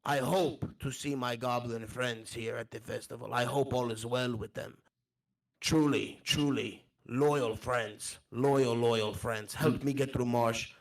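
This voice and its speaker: A man playing a friendly, formal traveler mage who speaks in halting phrases and leaves out small words. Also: medium pitch, fairly even intonation, lightly acted. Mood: earnest. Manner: halting formal speech, drops articles. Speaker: player. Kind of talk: tabletop role-play.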